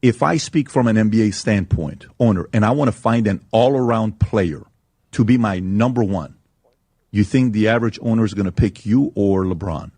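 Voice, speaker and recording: A man's voice: fairly low pitch, normal speed, mellow, slightly rough, no echo. A man interviewing a former player, persistent and probing.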